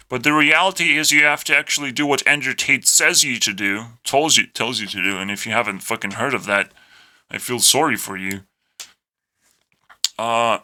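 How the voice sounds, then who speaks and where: Sharp-voiced Lithuanian man ranting. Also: mid-range voice, unhurried. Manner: profane, sarcastic, self-deprecating. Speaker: YouTuber. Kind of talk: rambling rant to camera.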